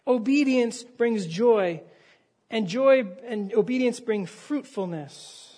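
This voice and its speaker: A man's voice: very high-pitched, expressive, slow, mellow. A male pastor delivering a sermon, telling a story with acted dialogue and raising his voice for emphasis.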